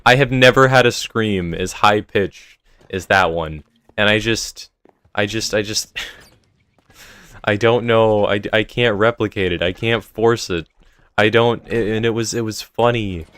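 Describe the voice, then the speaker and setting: Young guy streaming, really deep voice, sore throat, rambly chat with viewers. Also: fairly even intonation, unhurried, fairly bright tone, clear, resonant tone, dry recording. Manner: rambling, talks to chat between game tasks. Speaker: live streamer. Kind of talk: casual live-stream chat while gaming. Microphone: desk mic with noise gate.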